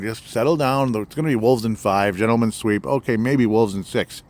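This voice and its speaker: Speaking at a moderate pace with hardly any pauses, this Minnesota sports podcaster has a lowish, darkish voice. Alone by a night fire pit, he rambles sarcastically and fills his talk with fillers over faint outdoor background noise.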